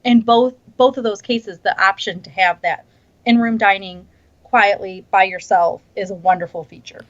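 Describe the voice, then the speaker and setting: A woman's voice: mid-range voice, fairly even intonation, moderate pace. A woman chatting casually on a podcast, enthusiastic and restarting her sentences often. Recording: dull lo-fi sound.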